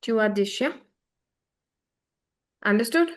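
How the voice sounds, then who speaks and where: Woman teaching a beginner french class on a video call, patient, keeps checking everyone gets it, slightly high voice. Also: expressive, takes it slowly. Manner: patient, checks often for understanding.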